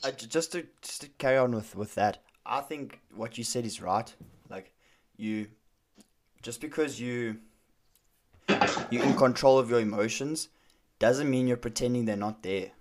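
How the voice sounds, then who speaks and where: A man's voice: medium pitch, measured pace, pauses often, a little mellow. A young man in casual conversation, telling a story with frequent fillers and restarts. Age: young adult.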